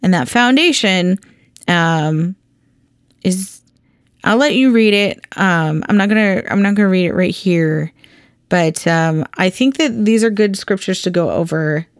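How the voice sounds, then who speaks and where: A woman's voice: fairly low pitch, a little slow, no room sound, studio quality. A woman hosting a Bible teaching podcast, talking in a chatty, earnest way with lots of ums and restarts.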